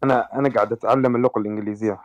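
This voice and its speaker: A male caller speaks in a hesitant, halting way. His voice sits fairly low and comes at a rapid pace. It arrives over a muffled, lo-fi call line. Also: steady tone. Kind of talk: call-in conversation.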